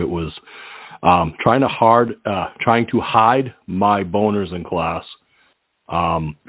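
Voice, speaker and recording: A man's voice: deep voice, no room sound. A man hosting a casual call-in radio show, rambling through crude jokes and laughing often. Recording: tinny phone-like line.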